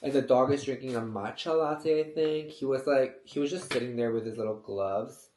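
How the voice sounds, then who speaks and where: A man vlogging a casual story in a gossipy way, with lots of "like", acting out quotes in sudden high squeals. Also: normal speed, darkish tone. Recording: roomy echo with faint noise.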